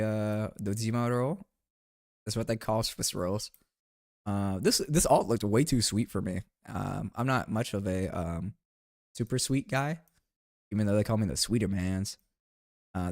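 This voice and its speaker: A man's voice: lowish voice, measured pace, a little mellow, no echo, studio quality. A young man casually chatting about his trip photos, rambling and playful, often saying "bro" and asking viewers to weigh in. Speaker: streamer recapping a trip. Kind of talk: casual chat over photos.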